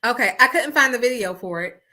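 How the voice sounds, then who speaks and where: A woman with a rather high, bright voice hosts a casual podcast over an internet call. She tells stories with animation and slips into other people's voices when she quotes them. Her tone stays bright and forward throughout. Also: a little fast. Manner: animated storyteller who acts out quotes. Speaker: podcast host. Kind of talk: casual chat. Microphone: remote call over the internet.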